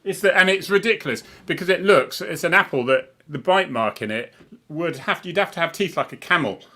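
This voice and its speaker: A man's voice: on the high side, lively intonation, fairly quick, pushed and bright. A middle-aged man from Cornwall, co-hosting a casual chat over a video call, rambling and chuckling as he corrects himself. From Cornwall, England. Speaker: co-host, former police officer.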